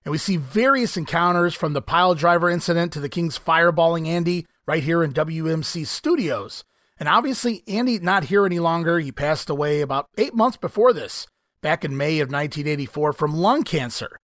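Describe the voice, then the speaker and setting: A man hosting a wrestling history podcast, animated and incredulous, often laughing as he talks. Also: a little high, fairly quick, no echo, clean studio sound. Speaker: podcast host. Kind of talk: casual podcast commentary.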